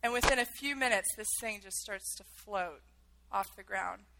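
A woman's voice: medium pitch, moderate pace, gravelly, noisy background. A woman telling a personal story in a vivid, emotional way, acting out the quotes.

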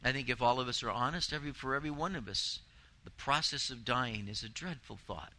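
A man's voice: mid-range voice, a little fast, sharp tone, rough recording. A man preaching a sermon, earnest and emphatic, building intensity with repeated phrases. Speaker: pastor.

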